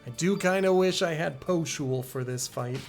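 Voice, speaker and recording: A man's voice: a little high, moderate pace, faint music behind. A man casually streaming a game, talking in laid-back asides.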